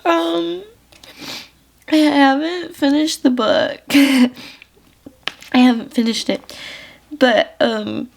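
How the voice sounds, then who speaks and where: Young woman, casual book chat, filler-heavy, fry in the voice. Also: sits high, fairly even intonation, very slow, pauses often. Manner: chatty, filler-heavy, gushing. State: tearful at times. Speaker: book vlogger. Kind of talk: casual reading vlog chat.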